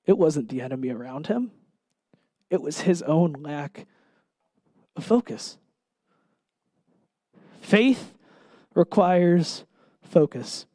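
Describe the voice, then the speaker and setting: A man with a high, light voice preaches a sermon in a dry, close-sounding room. He speaks earnestly and with emphasis, slowing down to stress key words and asking his listeners direct questions. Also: dark tone, no echo.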